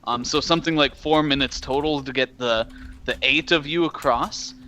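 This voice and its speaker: Bright-voiced man running a tabletop game. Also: on the high side, normal speed, slight background noise. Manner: hesitant, many fillers. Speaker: game master.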